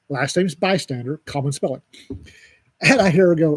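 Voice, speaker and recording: A man's voice: fairly high pitch, normal speed, pauses often, a little mellow, slightly rough, no echo. A man co-hosting a podcast, telling a story in a dry, wisecracking way during a casual chat. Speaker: podcast co-host.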